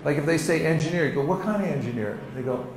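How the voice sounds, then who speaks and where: A man teaching a seminar, acting out sample conversations in a lively way and laughing often. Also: on the high side, quick pace. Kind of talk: teaching with acted-out demonstrations. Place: seminar room with an audience. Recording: roomy hall echo, faint noise.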